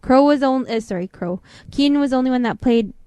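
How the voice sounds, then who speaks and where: A woman co-hosting a casual call-in show, teasing and quick to laugh. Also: sits high, dark tone, smooth, dry recording.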